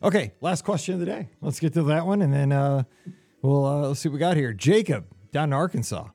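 A man's voice: on the high side, fairly quick, creaky, dark tone, no room sound. A middle-aged man co-hosting a casual podcast, rambling and easily moved to emotion. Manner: emotional, rambling, gets choked up. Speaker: podcast co-host.

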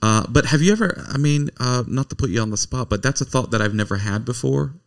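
A man's voice: medium pitch, fast, creaky. A man hosting a casual chat, joking and teasing his guests in a rambling way. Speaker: host.

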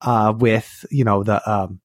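A man's voice: lowish voice, steady tone, takes it slowly, dry recording, studio quality. Rambling man from Wisconsin. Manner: rambling, lots of fillers and restarts. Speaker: podcast guest. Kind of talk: casual interview chat.

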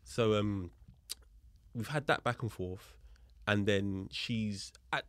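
Recorded dry and at studio quality, this man speaks slowly in a lowish register. He's a police officer guesting on a podcast, casually recounting a story with animated back-and-forth dialogue and breaking down the legal side.

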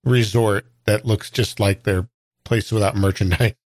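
A man's voice: on the low side, steady tone, measured pace, a little mellow, no room sound. A man playing in an actual-play game with wry, dry humor. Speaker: player.

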